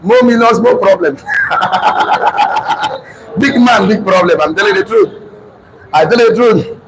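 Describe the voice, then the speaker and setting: A man in his thirties with a Nigerian accent, giving an emphatic motivational seminar talk, often shouting and repeating lines for his audience. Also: high-pitched, slow, over a noisy crowd. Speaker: motivational speaker. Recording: noisy room recording.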